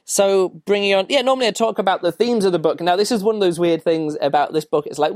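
A man's voice: on the high side, fast, hardly any pauses, darkish tone, no echo, clean studio sound. A man hosting a podcast, casually reviewing a book in a rambling way with many fillers and restarts. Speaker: podcast host.

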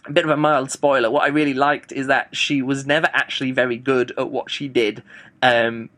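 A man's voice: mid-range voice, fairly bright tone. A man giving a casual audiobook review, rambling and thinking aloud as he goes. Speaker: book reviewer.

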